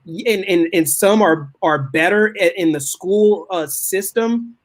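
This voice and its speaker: A man with a high-sitting voice co-hosts a talk show during a heated but casual debate, speaking at a measured pace. He keeps cutting in with "hold on" and lectures his view, repeating himself a lot.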